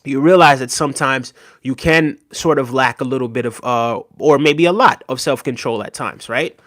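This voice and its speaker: At a moderate pace, a man with a medium pitch and fairly bright tone hosts a live stream, reading chat messages aloud and replying earnestly, often with a closing "right?" and thanks to chatters by name. This casual live chat commentary has studio quality and no echo.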